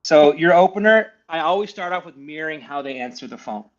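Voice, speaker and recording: A man running a live sales training, rattling off advice at a rapid clip and checking in with his trainee as he goes. His voice sits a little high for a man. It comes through a dull, lo-fi video call line. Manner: fast, energetic, coaching with frequent checks like "okay?". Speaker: sales coach.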